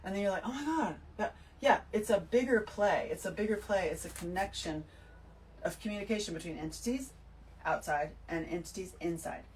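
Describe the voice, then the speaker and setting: A woman giving an emphatic, animated spiritual talk to her listeners, full of swearing. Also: medium pitch, brisk, distant mic, a little hiss or hum, poor audio. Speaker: host. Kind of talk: spiritual monologue to camera.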